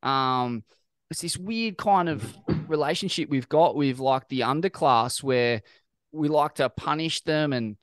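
A man's voice: a little high, a little slow, clean tone, dry recording. An Australian man hosting a podcast, musing through his points in a rambling, casual way with lots of fillers and the odd swear. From Sydney, Australia. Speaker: podcast host. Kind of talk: casual interview chat.

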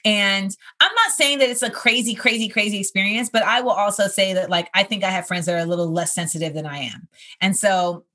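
A woman in her thirties, a comedian, hosts a podcast segment and tells stories in a chatty, casual monologue full of fillers like "you know." Her medium-pitched voice is brisk, pushed, and bright.

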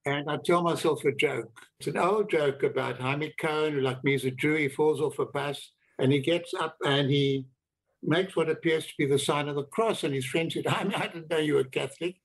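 An older man, recounting his own life story in a reflective, deliberate way, repeating words for emphasis. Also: fairly high pitch, steady tone, gravelly, poor audio. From South Africa. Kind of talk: personal storytelling.

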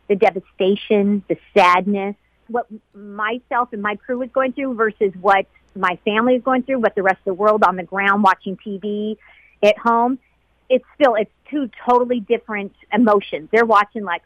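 A middle-aged woman, a flight attendant, recalling events in an emotional interview, heartfelt and quoting others in lively voices. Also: mid-range voice, dry recording, muffled recording.

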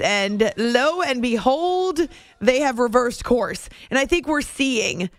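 A woman hosts a sports talk show with a somewhat high voice. She is chatty and playful, tossing off joking asides. The sound is dry and close. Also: no room sound.

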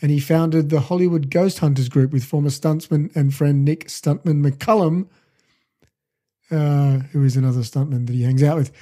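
Co-host type: man with a slightly high, mellow voice, casual and halting. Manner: reads trivia aloud with hesitant fillers. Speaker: podcast co-host. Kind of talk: casual chat.

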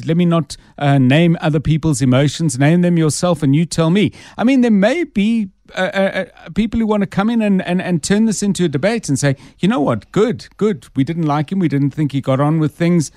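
A man's voice: fairly high pitch, warm tone, dry recording, clean studio sound. A South African man hosting a talk radio show, conversational and inviting listener calls. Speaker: radio host.

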